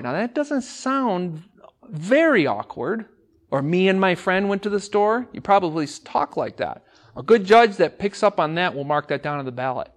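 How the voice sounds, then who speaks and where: A male English teacher giving a classroom lecture to speech students, energetic and often asking the class questions and repeating words for emphasis. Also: on the high side.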